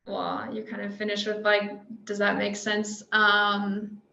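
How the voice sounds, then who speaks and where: A woman answering as a trainee, tentative and thinking aloud in a monotone voice. She is heard over a video call, and the sound is dull and roomy. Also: medium pitch, slow, vocal fry.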